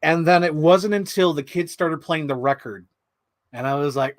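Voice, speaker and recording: Excitable rambling man, dry close sound. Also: fairly high pitch, moderate pace, no echo. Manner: rambling, excitable, swears, acts out quotes. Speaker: toy unboxing vlogger. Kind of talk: casual chat while building a figure.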